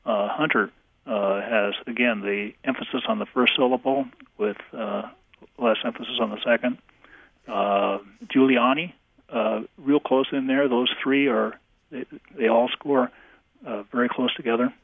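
A man who is an English professor, answering questions on a radio call-in show, halting with many fillers. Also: medium pitch, steady tone, gravelly, no room sound. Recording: tinny phone line.

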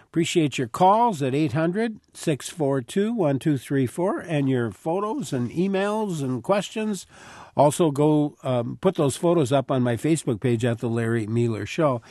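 Man, radio host, slightly high voice, dry studio mic, announcer reads. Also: lively intonation, mellow, no room sound. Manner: friendly announcer reads, quick plugs. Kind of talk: public radio call-in hosting.

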